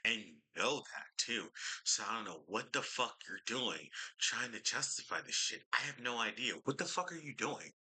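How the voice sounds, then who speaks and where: A man's voice: medium pitch, expressive, moderate pace, pushed and bright, breathy edge. A man ranting through a reaction commentary, exasperated and swearing heavily as he picks apart what he reads. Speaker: reaction streamer.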